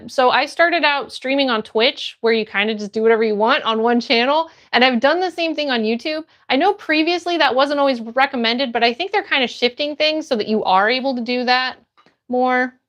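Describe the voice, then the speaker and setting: A woman's voice: high-pitched, a bit bright. A young woman hosting a casual phone livestream, bubbly and greeting viewers by name as she reads the chat. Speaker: livestream host reading chat. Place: home, phone stream.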